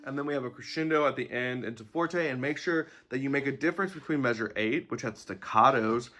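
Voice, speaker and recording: A man teaching an instrument lesson, explaining notes, bowing and music terms in a relaxed, explanatory way with some fillers. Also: medium pitch, a little fast.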